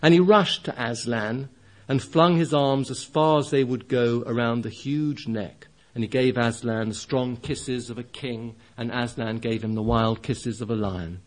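A man preaching, reading a children's story aloud with expressive, measured storytelling. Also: medium pitch.

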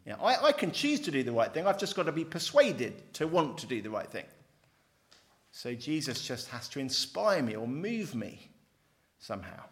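A middle-aged man lecturing on theology from a handout, lively, with wry, self-deprecating asides. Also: mid-range voice, moderate pace. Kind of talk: teaching with a handout.

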